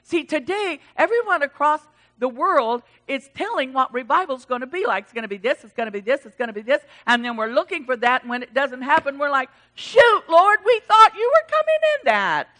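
A woman preaching a sermon, animated, swinging from loud exclamations to hushed asides and acting out the voices of the people in her text. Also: high voice, a little fast, hardly any pauses. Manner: acts out quoted voices of God and Elijah.

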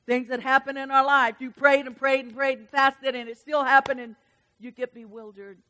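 Woman preacher, high-pitched, dynamic sermon delivery, hushed one moment and booming the next. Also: normal speed, long reverb tail, poor audio. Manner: animated, swings between hushed and loud.

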